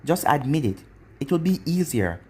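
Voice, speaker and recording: A man's voice: fairly high pitch, very animated, normal speed, dark tone, breathy edge. A man voicing an arrogant young male ninja turned traitor, smug and taunting, in a fan-made storybook reading.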